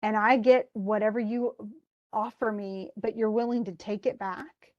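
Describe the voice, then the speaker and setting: A woman's voice: mid-range voice, fairly even intonation, a little slow, darkish tone, muffled recording, lightly acted. A woman voicing a furious, proud young male warrior in a casual, heated retelling voice. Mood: angry.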